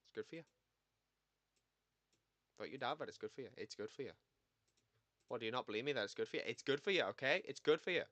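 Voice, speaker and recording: A man putting on a higher, showy accent voice and insisting on his point over and over. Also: fast talker, pauses often, fairly bright tone, no room sound, lightly acted. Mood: insistent. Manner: insistent, repeating himself.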